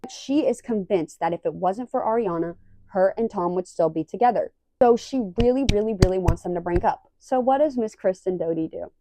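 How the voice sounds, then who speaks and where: A young woman casually recapping a reality show, animated and acting out the quoted lines. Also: mid-range voice, a little fast. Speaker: recap vlogger.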